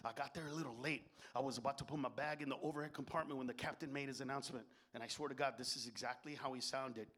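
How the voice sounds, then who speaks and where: A man doing stand-up comedy with a profane, animated delivery, acting out the people in his stories. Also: medium pitch, fast, hardly any pauses. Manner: profane, animated, acts out characters. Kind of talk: stand-up routine.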